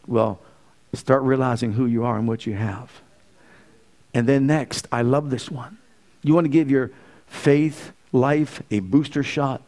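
A man preaches a sermon in a mid-range voice, moving between quiet, slow lines and loud, emphatic ones. He fires rhetorical questions at his listeners.

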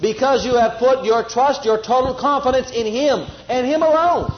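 A man's voice: very high voice, very animated, brisk, hardly any pauses, dull audio. A man preaching a sermon, repeating phrases with emphasis and leading the congregation in spoken responses.

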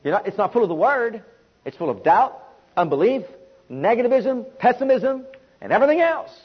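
Man, preacher, husky, high-pitched, emphatic repetition, dull recording. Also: big pitch swings, fairly quick. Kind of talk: sermon.

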